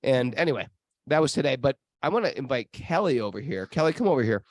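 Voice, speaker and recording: This podcast host's medium-pitched voice swings widely in pitch as he talks fast, chatting casually through stories near the temples he's visiting. He rambles, restarts, and leans on fillers, and the recording is dry.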